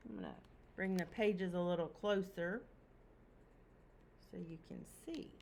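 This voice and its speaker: A woman teacher reading a picture book aloud to children, expressive and asking them questions. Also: lowish voice, a little slow, slight background noise.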